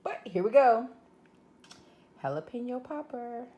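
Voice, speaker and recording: A woman's voice: fairly low pitch, animated, moderate pace, slight background noise. A woman with a Southern US accent hosting a casual cooking video, chatting to viewers as she works. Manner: chatty, addresses viewers as y'all. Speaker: cooking channel host.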